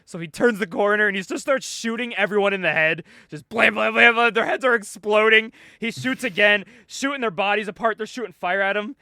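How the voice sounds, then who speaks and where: A man hosting a podcast, casually retelling a comic book story with animated energy, frequent laughs and swearing. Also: sits high, a little fast, hardly any pauses, dry recording, clean studio sound. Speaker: podcast host recapping a comic. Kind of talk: casual chat.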